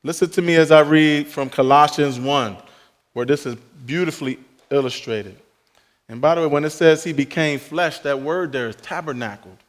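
A pastor delivers a sermon in a fairly high-pitched male voice, pressing hard on key words and then falling to near-hushed asides. His voice rings out with the long reverb of a large hall. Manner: emphatic preaching, dropping to soft asides.

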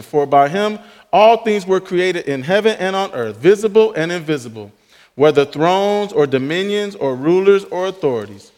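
A pastor delivers a sermon in a fairly high-pitched male voice, pressing hard on key words and then falling to near-hushed asides. His voice rings out with the long reverb of a large hall. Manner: emphatic preaching, dropping to soft asides.

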